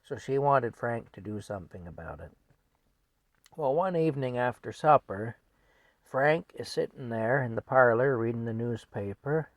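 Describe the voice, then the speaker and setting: A man's voice: mid-range voice, lively intonation, normal speed, no room sound, poor audio. An older man telling a family story in a rambling, folksy way, often chuckling.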